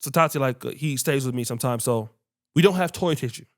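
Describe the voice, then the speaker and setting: A man hosting a podcast who tells stories in casual chat, animated and swearing freely while acting out what people said. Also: mid-range voice, quick pace. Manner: animated, acts out quoted dialogue, swears freely. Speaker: podcast host.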